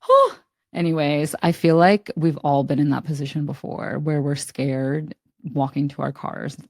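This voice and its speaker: Young woman podcast co-host, expressive casual storyteller, very low pitch, dry close-mic sound. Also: normal speed, no echo. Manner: expressive, relating a film plot with filler words. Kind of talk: casual chat.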